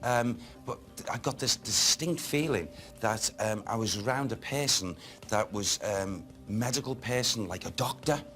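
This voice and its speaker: A man working as a medium on a ghost hunt, speaking haltingly and addressing unseen spirits. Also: on the low side, fairly bright tone. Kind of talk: psychic reading on a ghost hunt. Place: dark old historic building, indoors.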